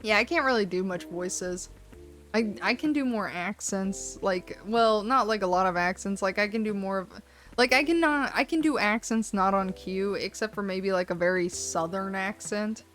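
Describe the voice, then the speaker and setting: A woman's voice: mid-range voice, normal speed, fairly bright tone, soft background music. A woman casually commenting while streaming a cozy game, rambling and self-deprecating. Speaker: let's play streamer.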